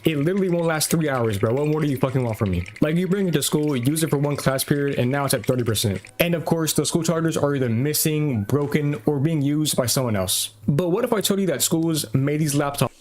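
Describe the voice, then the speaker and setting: A man's voice: fairly high pitch, brisk, hardly any pauses, a little mellow, a little hiss or hum. A young man ranting bluntly and in exasperation about school laptops, with a lot of slang and a frequent "bro". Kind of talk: scripted-sounding rant.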